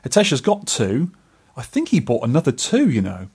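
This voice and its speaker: A man's voice: medium pitch, wildly swooping pitch, normal speed, a little mellow, breathy edge. A middle-aged man co-hosting an arcade podcast, chatting casually and rambling in a self-deprecating way. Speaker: podcast co-host. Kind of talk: casual chat.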